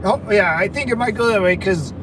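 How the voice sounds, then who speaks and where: Background noise accompanies a middle-aged livestream host whose high-pitched voice runs a little fast. He chats loosely and reads viewer comments, rambling and slangy, and calls his viewers brother.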